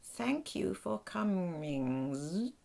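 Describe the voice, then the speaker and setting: Woman putting on a creaky buzzing alien captain. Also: on the low side, lively intonation, mellow, full character voice. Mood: polite, formal. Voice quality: creaky, buzzing, robot-like translated voice. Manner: slow, careful, formal speech. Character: small round female alien ship captain, polite.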